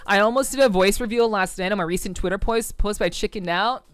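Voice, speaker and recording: A woman's voice: medium pitch, brisk, smooth, no echo. A woman from the United States, a VTuber streamer, chatting casually with her live viewers, greeting them by name and rambling through loose tangents.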